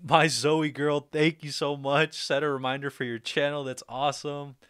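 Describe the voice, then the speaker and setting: A man's voice: fairly high pitch, flat delivery, moderate pace, fairly bright tone, clean tone, no echo, clean studio sound. A young man hosting a livestream, chatting casually and upbeat, laughing often as he reads out viewer comments. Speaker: livestream host.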